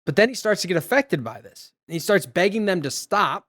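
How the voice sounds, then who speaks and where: A man's voice: high voice, expressive, fairly quick, a bit bright. A man hosting a podcast, casually retelling a film's plot with quoted lines, fillers and frequent laughs. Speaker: podcast host. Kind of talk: casual movie recap chat.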